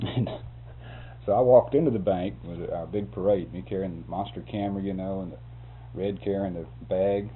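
On a phone-like lo-fi tape with a faint hum, a man with a low voice tells a long work story as an interviewee at a moderate pace. He rambles casually, chuckling often and restarting words.

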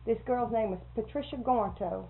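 A woman who is a schoolteacher, telling stories in casual conversation with lively acted-out quotes, on a tinny lo-fi recording. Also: on the high side, normal speed. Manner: animated storyteller who acts out quotes. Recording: tinny phone-like lo-fi recording with faint hiss.

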